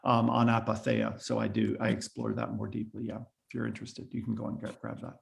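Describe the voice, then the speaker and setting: A man's voice: lowish voice, monotone, fairly quick, gravelly, slight background noise. A man, a priest, giving a reflective spiritual teaching to a meditation group over a video call, conversational and thoughtful.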